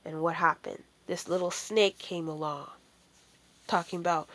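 A woman's voice: lowish voice, a little slow. A woman giving an informal sermon, emphatic and full of rhetorical questions. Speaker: preacher.

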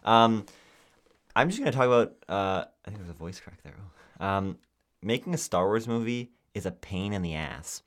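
Young man, lowish voice, casual podcast chat, animated storyteller, lots of "like". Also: moderate pace. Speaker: podcast co-host.

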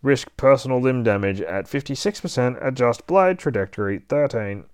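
A man voicing a stoic robot ninja hunter who speaks in flat, blunt, clipped statements. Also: medium pitch, moderate pace, smooth, voice pushed up, close to an everyday voice. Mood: curt.

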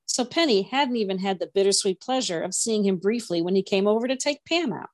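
A woman reading a novel aloud in a steady storytelling voice. Her pitch sits in a middle range, and the recording is dry and close. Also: fairly quick, no echo. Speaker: podcast co-host, reader.

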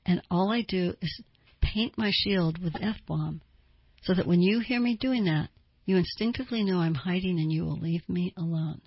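A woman's voice: on the low side, husky, no echo. A woman therapist giving advice in an earnest way, asking listeners pointed rhetorical questions. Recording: dull lo-fi dry recording.

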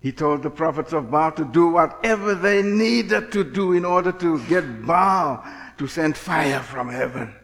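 Male preacher, high voice, dramatic sermon, long hall reverb. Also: animated, a little slow. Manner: dramatic, swings from shouting to hushed murmur. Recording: echoey hall.

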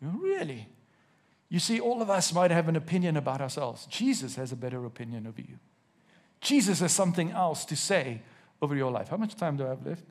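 A preacher in a church, his voice sitting high for a man and a little husky. He drawls the verses out word by word, then turns to quiz his congregation directly. Now and then he slips in a wry joke. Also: big pitch swings. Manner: reads scripture slowly with emphasis, asks the congregation questions, jokes. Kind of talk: sermon to a live congregation.

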